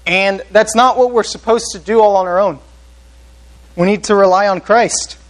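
A man's voice: high-pitched, moderate pace, low-quality recording. A man preaching a sermon as pastor, earnest, often putting questions to the congregation.

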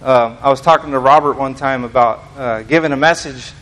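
Fairly quick and fairly bright in a mid-range voice, this American lay preacher delivers a loose sermon to a small congregation. He rambles, pokes fun at himself, and keeps restarting amid plenty of fillers.

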